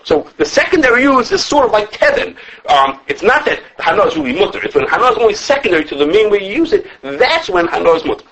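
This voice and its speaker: A man who teaches a class on religious law. He lectures with lively animation, thinks aloud, restarts his sentences, and quotes his sources as he takes questions from students. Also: high voice, fast, slightly rough, lo-fi sound. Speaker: rabbi teaching a halacha class.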